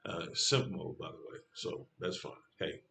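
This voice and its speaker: A man's voice: moderate pace, creaky, pushed and bright, a little hiss or hum. A man telling a personal story in a rambling, profane way, stumbling over his words and rising sharply when angry. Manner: rambling, restarts, voice climbs high when angry. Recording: roomy echo.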